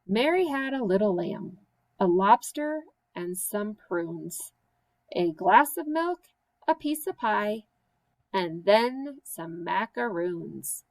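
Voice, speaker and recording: A woman teacher reading silly children's poems aloud with slow, sing-song, playful emphasis. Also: mid-range voice, expressive, low-quality recording. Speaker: special education teacher.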